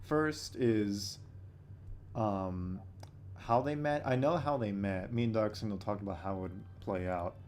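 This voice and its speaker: A man talks casually on a livestream, low in pitch and blunt in manner, cursing without a second thought. Faint background noise sits under his voice. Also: a little slow, darkish tone. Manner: blunt, swears freely, answers questions. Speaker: animator hosting a livestream.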